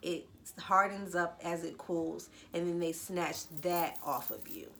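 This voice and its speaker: A woman's voice: fairly low pitch, steady tone, measured pace, gravelly, fairly bright tone, a little hiss or hum. A young adult woman telling a candid, slangy story as a vlogger. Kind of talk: casual storytelling vlog.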